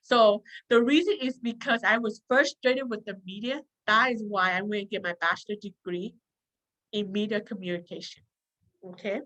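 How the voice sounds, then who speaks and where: A woman's voice: medium pitch, fairly even intonation, normal speed, a bit bright, low-quality recording. A woman leading a self-help workshop, earnest and repetitive, often checking in with her listeners. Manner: earnest, repeats points, checks in with "okay?". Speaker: workshop leader.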